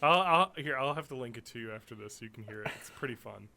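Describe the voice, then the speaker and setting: A man's voice: medium pitch, lively intonation, quick pace, vocal fry, bright, forceful tone. A man in his thirties co-hosting a podcast, talking casually and animatedly, swearing and laughing often. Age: 30s. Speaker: podcast co-host. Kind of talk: casual chat.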